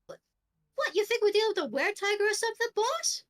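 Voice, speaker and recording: A woman's voice: extremely high pitch, animated, fast talker, voice pushed up. Woman doing a brash male circus guard. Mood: skeptical.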